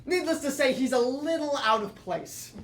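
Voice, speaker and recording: A teenage boy performing a solo comedy monologue, telling lively comic stories with asides to the audience. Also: very high voice, moderate pace, reverberant, slight background noise. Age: teens. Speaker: student performer. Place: theatre or classroom with audience.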